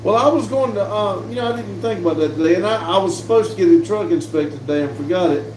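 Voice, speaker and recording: This livestream host has a voice that sits high, and he talks at a quick pace while reading viewer messages aloud. He's chatty and relaxed with easy laughter, and the distant-mic recording sounds roomy with slight background noise.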